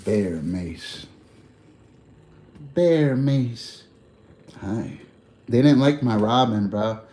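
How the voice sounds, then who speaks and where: A man's voice: mid-range voice, animated, very slow, mellow. Guy streaming live, chill slangy rambling, laughs a lot, bit of faint noise behind him. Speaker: livestreamer. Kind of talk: casual livestream chat.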